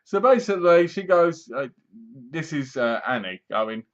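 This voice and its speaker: A man's voice: fairly high pitch, animated, measured pace. A man with an English accent giving a casual, rambling movie review that sounds sarcastic. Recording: dull lo-fi recording.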